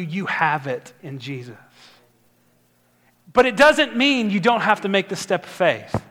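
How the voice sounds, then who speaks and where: A man's voice: high voice, bright, forceful tone. A man preaching a sermon as pastor, earnest and building to emphatic exhortation.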